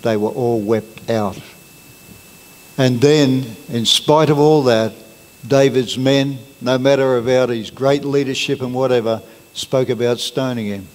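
A man's voice: medium pitch, steady tone, unhurried. A man preaching a sermon as pastor, earnest and plain-spoken, leaning on key words. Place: church hall. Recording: long reverb of a church hall.

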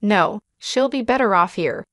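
A woman voicing a calm, dismissive husband in a narrated story, talking in a flat, condescending way. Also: medium pitch, measured pace, no room sound, studio quality. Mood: curt.

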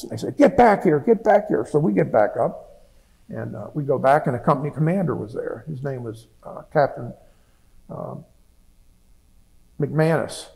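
A man's voice: a little high, gravelly, mellow, rough recording. A man in his seventies, a veteran giving an oral history interview, telling his story plainly with frequent restarts and repeated words. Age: 70s.

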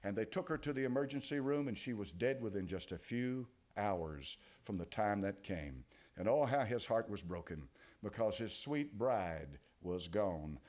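An older male pastor with an East Tennessee accent delivers a sermon. His pitch swoops widely as he moves from hushed asides to loud, dramatic exclamations. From United States. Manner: dramatic preaching, dropping to low quiet asides and rising to loud exclamations.

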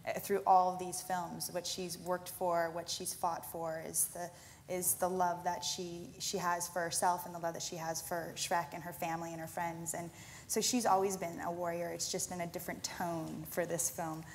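A woman's voice: lowish voice, little pitch movement, normal speed, slight background noise. A woman speaking earnestly in an interview, often restarting her phrases as she talks. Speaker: cast member interviewee. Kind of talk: conversational interview.

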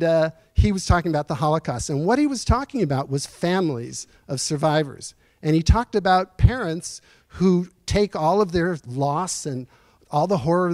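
A man in his sixties giving a personal storytelling lecture in a university auditorium, earnest and reflective, pausing as he speaks. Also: on the high side, darkish tone, no room sound. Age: 60s. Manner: earnest, reflective, halting with pauses. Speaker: guest speaker at a lecture series.

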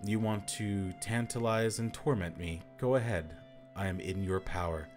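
A man's voice: on the low side, normal speed, darkish tone, faint music behind, natural voice. A man reading as an icy proud noblewoman. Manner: icy, clipped. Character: proud cold noblewoman, guarded.

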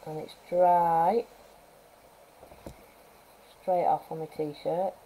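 Mellow-voiced woman teaching painting live. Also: on the low side, steady tone, drawn-out words, rough recording. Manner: chatty, thinks aloud while working; gentle coaching asides. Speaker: wildlife artist teaching painting. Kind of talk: live painting demonstration, casual talk. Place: art studio at home, live stream.

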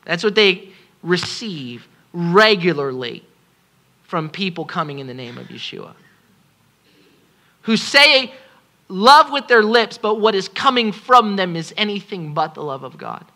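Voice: mid-range voice, very animated, measured pace, bright, forceful tone. A pastor preaching a sermon at a congregation service, impassioned and pleading, repeating phrases for emphasis.

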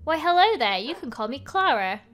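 A woman's voice: sits high, sing-song, normal speed, a bit bright. A woman puts on a genteel, slightly haughty village lady for a video game. She speaks in an arch, refined manner.

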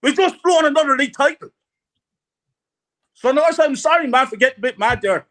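A middle-aged man in a fuming fan rant, hammering the same points again and again. His voice sits very high for a man and rings bright and forceful. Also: expressive, fairly quick. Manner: angry, ranting, repeats himself. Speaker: guest fan.

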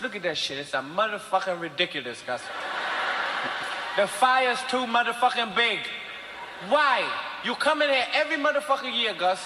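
Comedian voicing a drunk ranting dad, shouting, high-pitched, profane, echoey noisy hall. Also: male voice. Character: drunk angry father, claiming his house.

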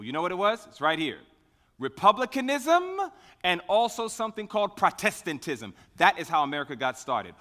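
A man's voice: high voice, bright, forceful tone, big-room sound. A man preaching a sermon emphatically, asking questions and answering them himself, swelling on key words.

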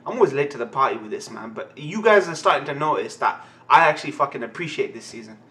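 A young man giving a live anime reaction, excitable and ranting, swearing constantly. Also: mid-range voice, fast talker. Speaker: anime reaction channel host.

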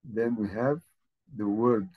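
A man leads a slow, careful language lesson. He spells each word out letter by letter and repeats it patiently. His voice is slightly husky. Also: on the low side, narrow, tinny audio. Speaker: language teacher.

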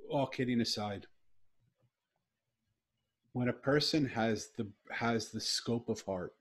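A middle-aged man hosts an interview, his voice sitting low with a husky, breathy edge. He talks in an earnest, reflective way, settling into long personal stories. His tone is sincere and unhurried. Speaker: podcast host. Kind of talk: heartfelt interview talk.

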